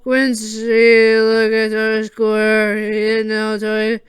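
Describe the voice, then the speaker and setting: A storyteller reading a fan audio story aloud, halting and restarting as they go. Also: medium pitch, completely flat delivery, clean tone, no room sound.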